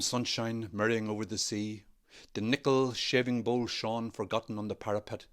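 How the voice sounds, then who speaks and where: A man with a Northern Irish accent, an actor reading a novel aloud in a measured, expressive way. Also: on the low side, clear, resonant tone. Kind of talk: literary reading.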